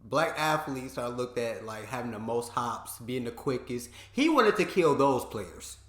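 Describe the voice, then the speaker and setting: A man's voice: mid-range voice, animated, a little slow. A man hosting a reaction video in casual chat, slangy and repeating his points for emphasis. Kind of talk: casual commentary. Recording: roomy echo.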